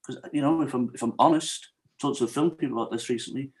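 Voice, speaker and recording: A man's voice: mid-range voice, fast talker. A middle-aged man from Wales, a podcast guest telling his personal story in an earnest, confessional way. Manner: earnest, confessional, leans on "yeah" and "I said".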